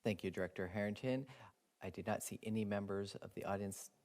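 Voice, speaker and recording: A man's voice: lowish voice, steady tone, a little mellow. A male meeting clerk calling for public testimony in a businesslike way. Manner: brisk, businesslike. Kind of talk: procedural announcements.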